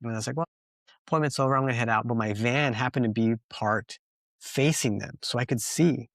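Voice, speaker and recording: A man's voice: mid-range voice, a little fast, dry recording, studio quality. A man co-hosting a podcast, a dog trainer telling a long story in an earnest, rambling way with many fillers. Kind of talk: casual podcast conversation.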